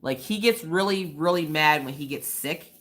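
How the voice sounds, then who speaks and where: A woman's voice: sits low, moderate pace, fairly bright tone. A young woman chatting casually on a live stream, giggling often and acting out quoted voices as she tells stories. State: recovering from a cold. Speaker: livestream host.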